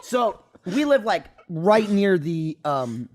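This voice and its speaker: A young man on a podcast telling a story in casual chat, animated, swearing and acting out the quotes. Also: high-pitched, slow. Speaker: podcast regular.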